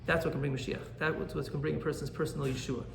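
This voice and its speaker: A man, a rabbi, teaching an animated Torah class and often checking in with "right?". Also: a little high, racing, vocal fry, roomy sound, slight background noise.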